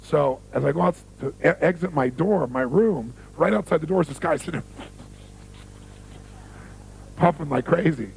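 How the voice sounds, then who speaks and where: A man's voice: a little high, unhurried, gravelly, pauses often, darkish tone, husky, rough recording. A man giving a motivational seminar talk on stage, telling stories, repeating key phrases for emphasis and quizzing the audience. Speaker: motivational speaker.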